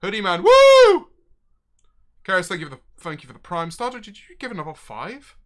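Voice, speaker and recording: A young streamer chatting to his viewers in a loose, profane, animated way. His voice is bright and sharp, and it swings widely in pitch as he gets excited, often jumping into loud bursts. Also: fast talker. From Britain. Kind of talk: casual storytelling chat.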